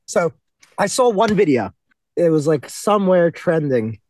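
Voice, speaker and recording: Blunt high-voiced man. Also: big pitch swings, a little slow, darkish tone. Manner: blunt, profane storytelling, acts out kids' lines. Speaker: podcast co-host, substitute teacher. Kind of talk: casual podcast chat.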